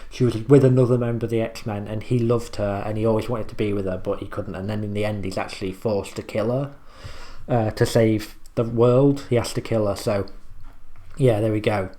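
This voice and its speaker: A man's voice: on the low side, fairly even intonation, normal speed, warm tone. A young man hosting a reaction video, rambling casually as he explains lyrics and swears freely.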